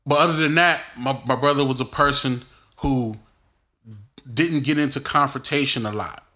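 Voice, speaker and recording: A man hosting his own podcast, telling personal stories in an animated, expressive way and using casual street slang. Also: mid-range voice, normal speed. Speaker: podcast host. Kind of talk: casual solo podcast storytelling.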